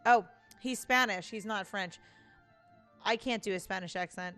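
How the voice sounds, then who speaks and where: A woman hosting a let's play breaks off from the game text for self-deprecating asides. Her voice sits at an average pitch, and faint game music runs underneath. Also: moderate pace, pauses often, fairly bright tone. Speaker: gaming channel host.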